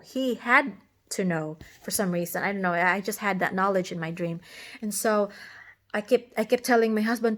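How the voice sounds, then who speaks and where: A woman's voice: mid-range voice, a bit bright. A woman recounting a dream in casual storytelling, earnest and emotional, rambling with many restarts and fillers.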